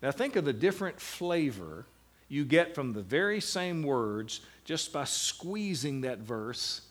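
A man teaching a class on meditating on the Bible, slowing down to stress single words and breaking into lively asides. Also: on the high side.

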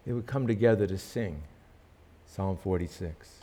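A man's voice: low voice, unhurried, warm tone. A male pastor praying earnestly and then telling a story in a sermon, with emphatic rises in his delivery.

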